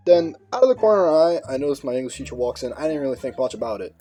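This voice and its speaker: Young man, storytime narrator, lively intonation, slangy, playful, soft music underneath. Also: a little high, quick pace. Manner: relaxed slangy delivery, playful quoting.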